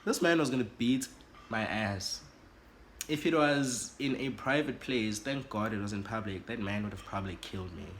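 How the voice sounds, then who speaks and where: A South African man telling an animated, dramatic story for his vlog, switching languages. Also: on the low side, moderate pace, a little hiss or hum. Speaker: YouTuber.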